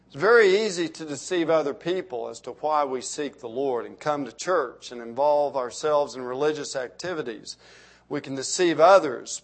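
A middle-aged male pastor preaching a sermon, building emphasis on key phrases and letting sentence endings fall soft. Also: medium pitch.

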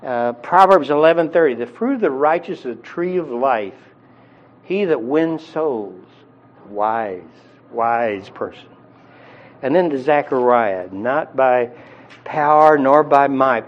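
A man's voice: mid-range voice, muffled recording. A man preaching a sermon in a conversational teaching style, with frequent fillers and restarts. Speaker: pastor.

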